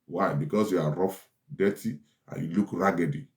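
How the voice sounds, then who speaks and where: Deep and a little mellow, this man's voice moves at normal speed as he gives preachy relationship advice. He stresses things by repeating them, with roomy echo on the recording.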